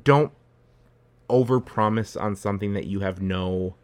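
A man's voice: on the low side, a little slow, darkish tone. A man hosting a podcast, talking casually with lots of fillers and restarts. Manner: rambling, many fillers and restarts. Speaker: podcast host. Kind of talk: casual conversation.

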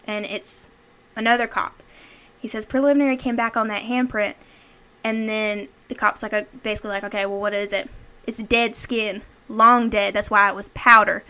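A woman with a bright, forceful tone chats through a horror film plot in a relaxed podcast setting. She talks in a loose, filler-heavy way and slips into acted-out quotes from the characters. Her voice sits a little on the high side. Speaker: podcast co-host. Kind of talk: casual movie recap chat.

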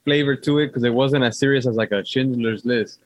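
A man co-hosting a casual movie review podcast in a relaxed, candid way. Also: mid-range voice, a little fast, a little hiss or hum, rough recording. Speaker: podcast co-host.

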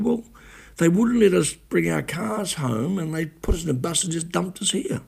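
A man's voice: a little high, normal speed, vocal fry, darkish tone, slightly rough. A man, a radio broadcaster, recounting events in a rambling, self-correcting way with blunt swearing. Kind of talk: casual spoken recollection.

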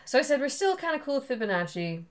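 A woman's voice: sits high, very animated, fast, a little hiss or hum. A woman co-hosting a podcast in casual chat, explaining from her notes in a rambling, self-correcting way. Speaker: podcast co-host.

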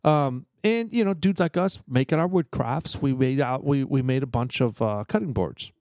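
A man's voice: mid-range voice, moderate pace, a little mellow, dry recording, studio quality. Rambling, swearing podcast guy. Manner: rambling, profane storyteller with many restarts. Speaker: podcast co-host. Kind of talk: casual chat, storytelling.

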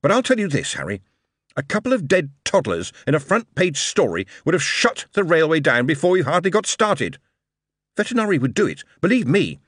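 A man's voice: medium pitch, very animated, normal speed, fairly bright tone, no room sound, clean studio sound, pitched above the performer's own voice. A man voicing a glib, charming male showman who talks in a persuasive, theatrical, emphatic way. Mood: angry.

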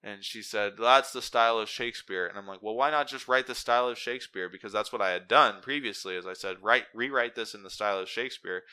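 A man's voice: lowish voice, fast, few pauses, pushed and bright, clear, resonant tone. A man hosting a casual solo podcast, rambling and interrupting himself as he muses aloud and reads text off his screen. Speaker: podcast host.

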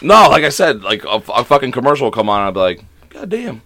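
A man co-hosting a casual podcast, bantering crudely and laughing as he acts out little quotes. His voice is bright and forward, his pitch swinging widely. The sound is close and dry. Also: lively intonation, quick pace, dry recording. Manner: laughing, swearing, acting out mock quotes. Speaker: podcast co-host.

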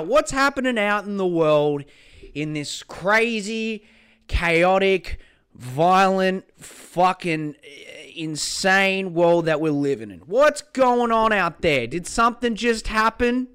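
A young man with an Australian accent rants on his own podcast, sweary and sarcastic. His voice sits high and sounds smooth and clear. He lurches from loud, jokey hype to grumbling under his breath. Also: takes it slowly. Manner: sweary, sarcastic, swings between loud mock-excitement and low mutters. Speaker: podcast host. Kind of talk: casual solo podcast rant.

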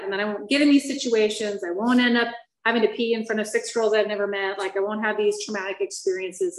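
A middle-aged woman gives a personal testimony to a listening room. Her delivery is candid and wryly self-mocking, with halting fillers when things get heavy. Her voice is mid-pitched and carries a roomy echo. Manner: candid, self-mocking storytelling with wry laughs; hesitant fillers and restarts when the story turns painful. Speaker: speaker sharing her recovery story. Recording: echoey room.

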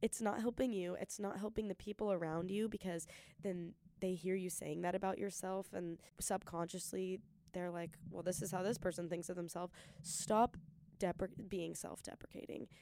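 A young woman hosting a solo podcast, giving an earnest, excited pep talk and talking fast. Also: on the low side. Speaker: podcast host.

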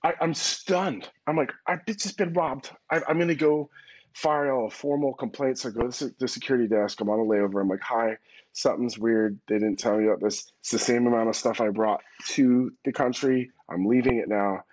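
A man as a podcast guest, telling stories in an animated, slangy way with casual swearing. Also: mid-range voice, fairly quick, no room sound. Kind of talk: casual storytelling chat. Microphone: phone call-in.

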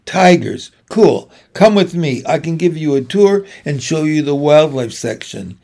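A man's voice: fairly high pitch, lively intonation, unhurried, creaky, darkish tone. A man reading aloud, voicing a cheerful, joking teenage girl who works at a library. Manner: upbeat, joking.

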